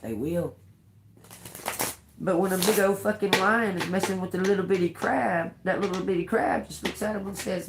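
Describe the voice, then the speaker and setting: A woman giving a live tarot reading, ranting in a profane, animated way and laughing often. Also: mid-range voice, unhurried, long pauses, slight background noise. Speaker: tarot reader. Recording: roomy echo.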